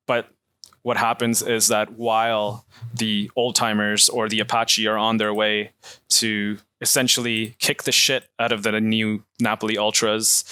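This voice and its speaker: A man's voice: fairly low pitch, sharp tone, clear, resonant tone, dry recording, clean studio sound. A man casually retelling a film's plot on a podcast, full of ums and acted-out quotes. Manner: retells scenes at length with many ums and quoted lines. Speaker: podcast host recapping a film. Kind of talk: casual film discussion.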